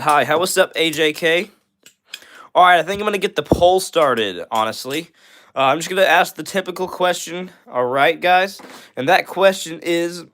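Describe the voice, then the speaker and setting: A man's voice: a little high, fairly bright tone. A young man hosting a live stream, reading out viewer comments and answering them in a friendly, upbeat way with lots of "all right" and "bro".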